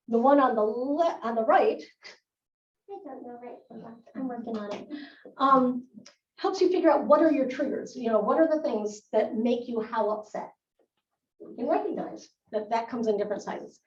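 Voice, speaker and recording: A woman's voice: sits high, warm tone. A middle-aged woman, a nurse practitioner, giving a live talk to school staff in a chatty, wry way. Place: school room. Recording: echoey dull room recording from far off.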